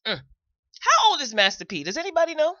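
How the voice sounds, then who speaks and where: A woman's voice: sits high, huge pitch swings, fast talker, sharp tone, no echo, dull audio. A woman hosting a live commentary show, talking straight to her viewers and repeating phrases for emphasis. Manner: chatty, addresses viewers directly. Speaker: host.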